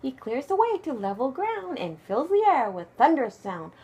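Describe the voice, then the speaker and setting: A woman who speaks Japanese natively, reading a picture book aloud to her child at home at bedtime, expressive and hushed at times. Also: sits high, normal speed, slightly rough. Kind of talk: bedtime story read-aloud.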